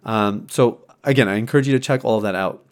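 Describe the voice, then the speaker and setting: A married man hosting a podcast, talking earnestly in a casual, reflective monologue, often restarting his sentences and filling pauses with ums. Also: fairly low pitch. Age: adult, married. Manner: earnest, conversational, many restarts and fillers. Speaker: podcast host.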